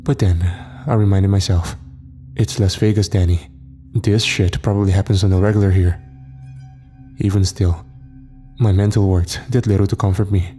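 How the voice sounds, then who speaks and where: A man's voice: low voice, warm tone. A man narrating a horror story in a tense, suspenseful scripted reading. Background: faint music.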